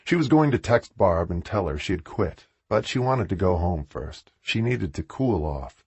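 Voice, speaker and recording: Low husky guy reading an audiobook, really animated pitch, dry close sound. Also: moderate pace, no echo, muffled recording. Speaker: audiobook narrator. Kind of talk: audiobook narration.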